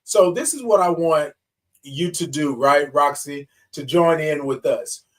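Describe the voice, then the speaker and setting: Greeting viewers on his morning livestream, a man calls them baby and y'all and sings long good mornings in a lively way. His voice runs high and unhurried, and the mic is distant.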